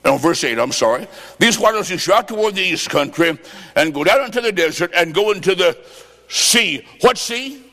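A man from the American Midwest preaches a fervent revival sermon in a high, ringing voice, breaking into shouted bursts and telling stories through quoted back-and-forth dialogue. The long reverb of a large hall trails every phrase. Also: expressive, normal speed.

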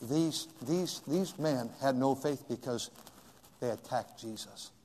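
A male pastor preaching a sermon in a church, swinging from shouts to hushed whispers. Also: medium pitch, a little slow, in a large hall.

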